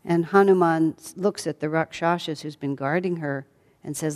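A woman teacher retelling a story in a calm, reflective way with soft fillers. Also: sits low, moderate pace. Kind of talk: storytelling lesson. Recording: long hall reverb.

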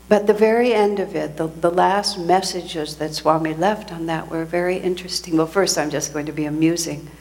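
A woman's voice: fairly low pitch, a little mellow. Woman giving a reflective sermon. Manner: reflective storytelling with frequent restarts.

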